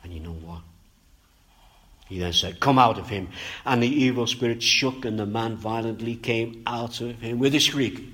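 A man preaching a sermon, swinging between loud emphatic bursts and quiet low asides, and stretching out key phrases.

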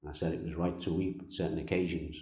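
A man preaching a sermon as pastor, slow and emphatic, with pauses and repeated phrases. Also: a bass voice, flat delivery, dark tone, roomy sound, low-quality recording. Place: church.

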